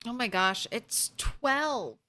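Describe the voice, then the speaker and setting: A woman's voice: fairly high pitch, animated, slow, pushed and bright. A woman streamer giving casual, chatty commentary while playing a game, talking to herself and to the game late at night.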